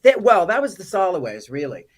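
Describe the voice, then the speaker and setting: A woman guest in a casual interview, telling funny stories with animated delivery and acted-out quotes. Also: on the low side, a little fast. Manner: animated, comic storyteller who acts out quotes. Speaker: actor and activist guest.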